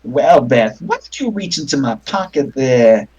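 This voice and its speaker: A man voicing a smooth-talking gangster with gold teeth in a tabletop game. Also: mid-range voice, expressive, unhurried, warm tone, dull audio.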